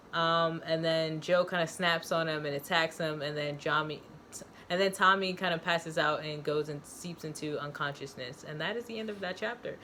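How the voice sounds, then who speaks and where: A woman who hosts an online channel reads a chapter of her own story aloud, then recaps it in a chatty, excitable way. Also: sits low, moderate pace, a little hiss or hum. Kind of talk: story reading and casual recap.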